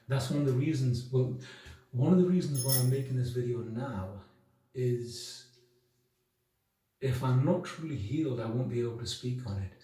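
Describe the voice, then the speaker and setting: A man's voice: medium pitch, normal speed, dark tone, recorded from a distance. A man talking straight to his viewers in an emphatic, preachy way, firing off rhetorical questions. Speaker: video blogger. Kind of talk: monologue to camera. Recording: very echoey room, voice from the mic.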